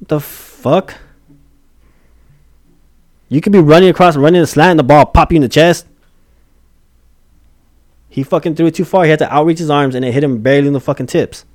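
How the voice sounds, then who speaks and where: A man's voice: a little high, a little fast, pauses often, darkish tone, no echo, clean studio sound. A man in a casual sports argument, stubborn and profane, insisting he is right.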